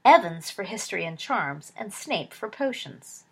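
A woman voicing a timid but sly teenage schoolboy in a storybook reading, innocent-sounding and hesitant, with a breathy voice. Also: mid-range voice, very animated, measured pace, exaggerated voice.

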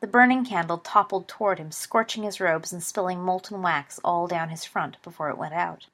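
A woman narrating a story in a steady, even reading voice. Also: lowish voice, normal speed.

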